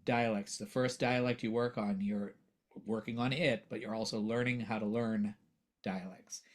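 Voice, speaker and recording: A man, a voiceover actor and coach, talking earnestly in a casual interview and growing animated as he makes his points. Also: on the low side, moderate pace. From United States.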